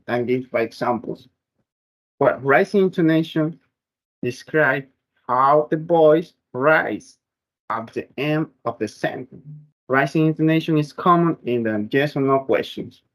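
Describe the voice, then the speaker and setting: A man presenting a class project on English sounds, explaining slowly and carefully with frequent restarts. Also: medium pitch, poor audio. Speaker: student presenter.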